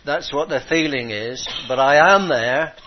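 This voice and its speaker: A man preaching a sermon, halting and repeating himself, swinging from hushed to impassioned. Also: on the high side, slight background noise. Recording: dull lo-fi recording.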